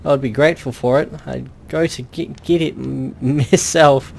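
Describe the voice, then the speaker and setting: A man's voice: mid-range voice, fairly even intonation, normal speed, creaky, a little hiss or hum, lightly acted. A man voicing a drunk old male fisherman who slurs a salty sea-dog way of talking and calls everyone matey. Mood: grumbling. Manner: slurring sea-dog talk, says matey.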